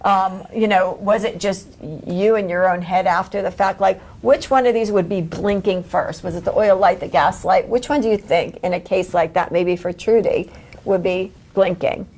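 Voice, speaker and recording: A woman's voice: mid-range voice, steady tone, normal speed, a little mellow. A woman leading a live coaching workshop for a group, talking energetically, laughing often and acting out quoted lines. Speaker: workshop leader.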